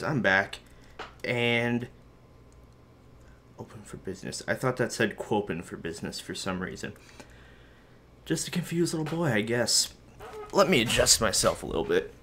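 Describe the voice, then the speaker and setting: A man's voice: mid-range voice, a bit bright, slight background noise. A young man hosting a casual game video from his bedroom, rambling and joking at his own expense while he plays. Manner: rambling, self-mocking, talks to viewers and his dog. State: a bit out of breath. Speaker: gaming video host. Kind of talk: casual let's-play commentary. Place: bedroom at home.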